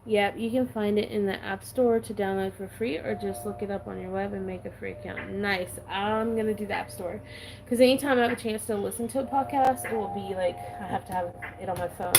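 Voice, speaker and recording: A woman's voice: medium pitch, a little fast, vocal fry, a little mellow, a little hiss or hum, poor audio. A woman vlogger chatting casually while she stamps her planner, giggly and talking with a valley-girl lilt.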